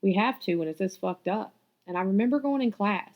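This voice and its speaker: A young woman tells her own story in a blunt, candid way and swears freely. Her voice sits at an ordinary pitch. The audio is dull and lo-fi. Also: fairly quick. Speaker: podcast host. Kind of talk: personal storytelling.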